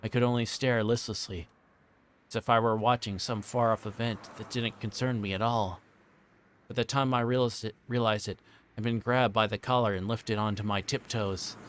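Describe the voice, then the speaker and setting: A man's voice: fairly low pitch, steady tone, normal speed, a little hiss or hum. Man reading a visual novel aloud. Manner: plain narration with occasional stumbles and restarts. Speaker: streamer.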